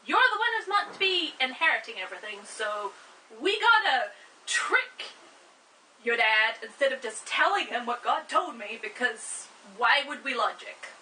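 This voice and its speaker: A woman voicing a bossy, scheming mother who speaks in a brisk, insistent way. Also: on the high side, lively intonation, pushed and bright, recorded from a distance, a little hiss or hum, poor audio. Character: bossy, scheming mother, sure she knows best.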